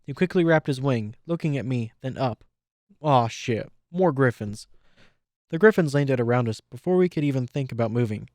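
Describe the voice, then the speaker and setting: A man reading fan fiction aloud in steady first-person storytelling. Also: medium pitch, moderate pace, no room sound. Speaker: audiobook reader.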